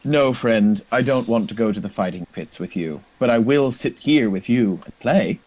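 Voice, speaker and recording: A man's voice: mid-range voice, expressive, moderate pace, a little mellow, close to an everyday voice, rough recording. Man doing a sneering wizard. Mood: haughty. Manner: sneering, haughty. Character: smug sneering male wizard, middle-aged.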